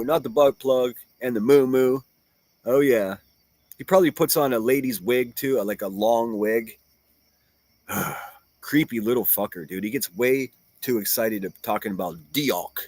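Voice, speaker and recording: A man's voice: mid-range voice, no room sound. Profane, mocking man ranting on a livestream. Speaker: livestream host reading chat. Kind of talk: casual livestream rant.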